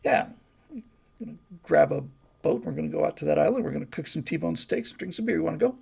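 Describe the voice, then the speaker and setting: A man's voice: fairly high pitch, expressive, quick pace, gravelly, a little mellow, slightly rough. A man hosting a casual livestream, rambling and chatty as he reads out viewer comments. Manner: rambling, chatty, with many restarts and fillers. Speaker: livestream host.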